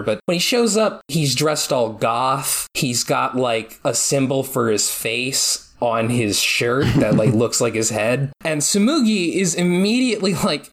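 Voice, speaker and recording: A podcast co-host in casual chat, telling stories animatedly and acting out quotes. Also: mid-range voice. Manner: animated storytelling, acts out quotes.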